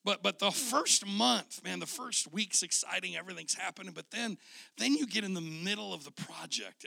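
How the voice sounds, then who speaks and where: A middle-aged male pastor with a scratchy, gravelly voice, preaching a sermon in a folksy storytelling way and often repeating his words. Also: sits high, sharp tone, no echo.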